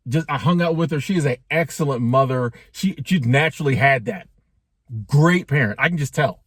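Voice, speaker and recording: Here a forty-something vlogger speaks at a medium pitch and normal speed, his voice carrying a breathy edge. His casual talking-head monologue is conversational and joking, loaded with slang and side comments to viewers. It's recorded at studio quality with no echo.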